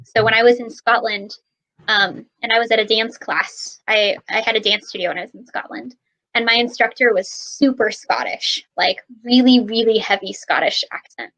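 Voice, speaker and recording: A woman with a Minnesotan American accent talks over a video call in a fairly high voice. She tutors English in a chatty, easygoing way. She explains points with everyday examples. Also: normal speed, a bit bright, low-quality recording. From Minnesota, USA. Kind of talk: casual conversation lesson.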